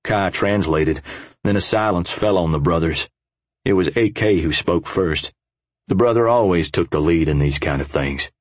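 A man's voice: sits low, normal speed, dry recording. A man narrating an audiobook in a gritty, profane first-person voice.

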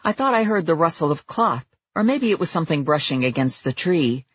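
A woman narrating a first-person audiobook in a lively, expressive way. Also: sits low, a little fast, hardly any pauses, husky, no room sound, muffled recording.

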